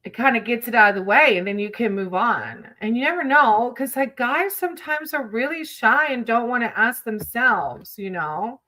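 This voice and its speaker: A chatty woman livestreamer talks to her viewers between tarot readings. She giggles a lot, fills her sentences with likes and ums, and calls people sweetie. Her voice sits a little high and sounds very bright. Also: expressive, moderate pace, hardly any pauses, rough recording. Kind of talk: casual livestream chat with viewers.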